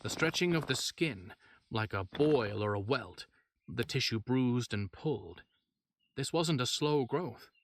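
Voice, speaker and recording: A man's voice: medium pitch, expressive, measured pace, a little hiss or hum. A man voicing a clinical, curious male scientist who speaks in a precise, erudite way. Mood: intent.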